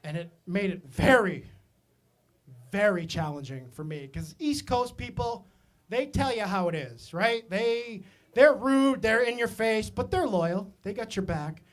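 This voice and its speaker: A man from Maine telling stand-up comedy stories, animated and self-mocking, with asides to the audience. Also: high voice, measured pace. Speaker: stand-up comic.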